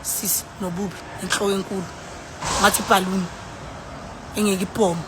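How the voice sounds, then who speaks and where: A tipsy South African woman livestreams into her phone, rambling, sighing and switching between languages as she chats casually. Her mid-range voice stays level in tone and moves fairly quickly. The recording is very noisy.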